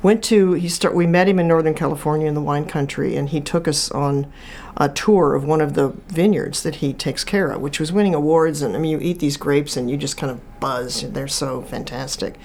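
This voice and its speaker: A woman's voice: low-pitched, moderate pace, a little mellow. A woman author, talking casually as an interview guest and telling stories with lots of fillers and restarts. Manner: chatty storyteller, many restarts and fillers. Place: from Chicago.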